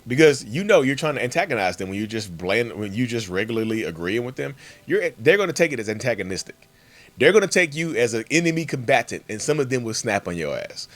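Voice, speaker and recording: A man's voice: medium pitch, very animated, quick pace. A man hosting a casual, emphatic monologue for his channel and addressing viewers directly as y'all. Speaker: channel host.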